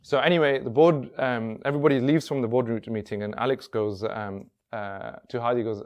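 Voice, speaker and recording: A man's voice: medium pitch, fairly even intonation, moderate pace, a little mellow. A man telling a story at a workshop in a casual, rambling way, full of ums and restarts. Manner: rambling, many fillers and restarts. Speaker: workshop speaker.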